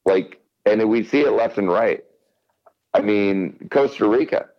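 Deep-voiced man, rambling and profane. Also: unhurried, muffled recording. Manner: rambling, profane, repeats words. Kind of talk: casual podcast chat.

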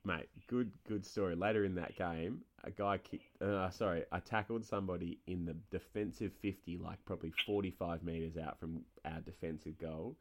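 A man's voice: deep voice, fairly even intonation, normal speed, hardly any pauses. A young man co-hosting a podcast, telling rambling, sweary stories and laughing often in casual chat. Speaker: podcast co-host.

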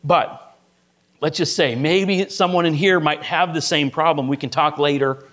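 A man's voice: on the high side, steady tone, a little slow, fairly bright tone. A middle-aged male pastor preaching a sermon, telling a story to illustrate his point and often checking in with "right?".

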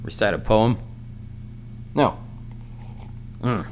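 A man's voice: mid-range voice, animated, normal speed, long pauses, a bit bright, slight background noise. Crude, stammering male podcast host. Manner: crude, rambling, stammers and repeats words. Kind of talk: solo comedic podcast rant.

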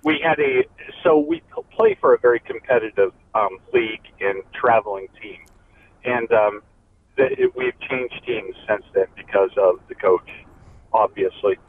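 A man's voice: on the low side, sing-song, moderate pace, creaky. Caller, male, passionate, heard on a tinny phone line with faint hiss. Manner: passionate, emphatic. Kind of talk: phone call-in.

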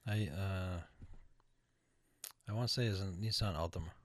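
A man's voice: low voice, moderate pace, no room sound. A man telling stories in a casual chat, wry and sarcastic, often chuckling.

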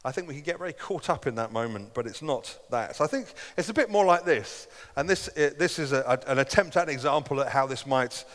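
A man's voice: a little high, animated, fast talker, few pauses, fairly bright tone. Man, middle-aged, pastor, sermon, earnest conversational delivery, long hall echo. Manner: earnest, conversational preaching with dramatic quoted asides.

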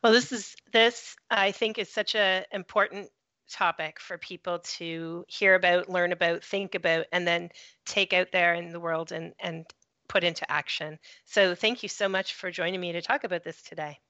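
A woman hosts an interview in a calm, measured way, affirming her guest and reflecting on what was said. Her voice is bright and fairly low-pitched. The recording is dry and a bit lo-fi. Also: no room sound. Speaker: podcast host. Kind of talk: conversational interview.

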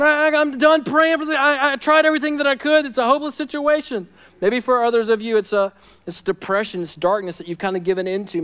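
A man preaching a sermon, swinging from hushed, intimate lines to loud, urgent ones. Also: high-pitched, clean tone. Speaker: pastor.

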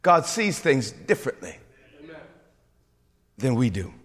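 A man preaching a sermon in an emphatic, animated way, with frequent asides and restarts. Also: medium pitch, slow pace, in a large hall. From suburbs.

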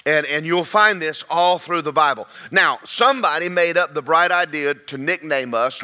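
A man preaching a folksy, emphatic sermon, slowing down to stress key words. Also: on the high side, animated, pushed and bright.

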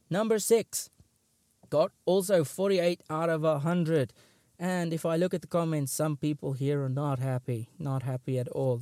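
A man's voice: on the high side, mellow, no room sound. A man hosting a casual comedy show, rating jokes with wry, dry remarks and frequent stammered restarts. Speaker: host. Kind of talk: casual comic commentary on jokes.

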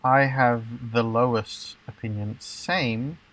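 A man's voice: medium pitch, steady tone, slow, fairly bright tone. A man hosting a casual podcast, rambling and playful with lots of fillers. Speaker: podcast host.

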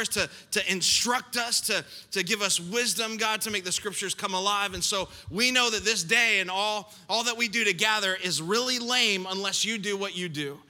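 A middle-aged man, a pastor, preaching a sermon with animated storytelling and playful, self-mocking asides, in a large church hall. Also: high voice. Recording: long hall reverb.

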